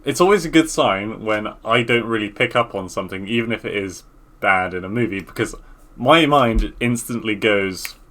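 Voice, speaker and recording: A laid-back man co-hosting a casual podcast, with a bright, forceful voice pitched fairly low. He trails off often and drops swear words easily. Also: lively intonation, normal speed. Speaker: podcast co-host. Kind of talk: casual chat.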